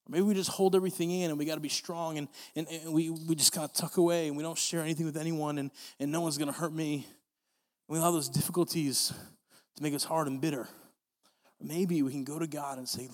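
A man's voice: fairly high pitch, fairly even intonation, fast talker, a little mellow, long reverb tail. A young man preaching a sermon, earnest and repetitive, often restarting his phrases. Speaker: pastor.

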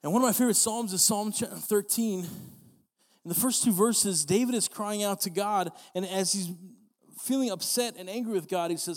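A young male pastor delivering a sermon in a fairly high voice. He speaks earnestly, repeating phrases for emphasis and often restarting mid-sentence. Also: normal speed, long reverb tail. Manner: earnest, repetitive, many restarts.

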